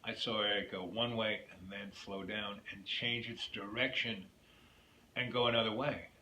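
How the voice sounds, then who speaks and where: A man's voice: on the low side, fairly even intonation, measured pace, pushed and bright. A man hosting his own video, telling a rambling personal story that drifts off into opinions. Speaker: YouTube host. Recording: echoey room with faint noise.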